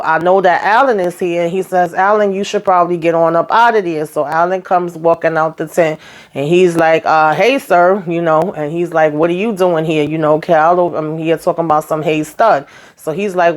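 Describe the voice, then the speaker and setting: A woman's voice: on the low side, fairly even intonation. A woman hosting her own recap channel, chatting casually and folksily, calling her listeners child and honey and acting out the characters' lines. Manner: acts out the characters' lines in quick voices.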